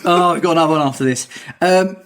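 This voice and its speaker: A man's voice: fairly high pitch, fast talker, fairly bright tone. Man ranting jokily about a film. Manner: jokey, ranting, puts on silly voices. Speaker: podcast co-host. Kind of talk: casual film review chat.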